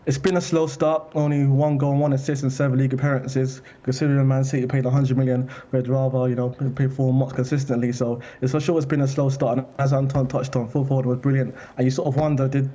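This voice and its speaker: A man giving his opinions as a football journalist on a panel, in a measured way. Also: mid-range voice, flat delivery, warm tone, dull audio. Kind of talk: studio panel chat.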